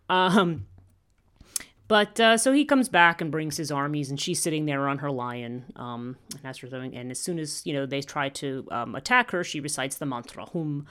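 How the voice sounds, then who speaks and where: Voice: mid-range voice, bright, forceful tone. A teacher giving a podcast lecture in a rambling way, with frequent fillers and restarts.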